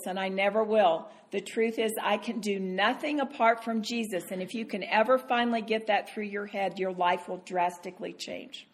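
An earnest woman delivers a conversational sermon as a Bible teacher. Her pitch sits in the middle range, and she acts out her own inner voice as she teaches.

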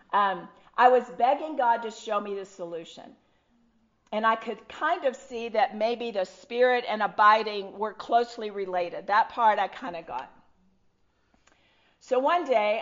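A middle-aged woman, telling her personal testimony to a live audience in an animated, self-deprecating way. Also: mid-range voice, measured pace, dull audio. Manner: animated, self-deprecating storyteller with frequent restarts. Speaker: speaker sharing her testimony. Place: room with an audience.

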